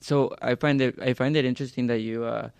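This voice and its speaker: A man's voice: mid-range voice, fairly even intonation, quick pace, gravelly, a little mellow, clean tone, no room sound. A man hosting a podcast, chatting casually and asking probing questions in a friendly way. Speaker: podcast host. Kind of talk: casual interview chat.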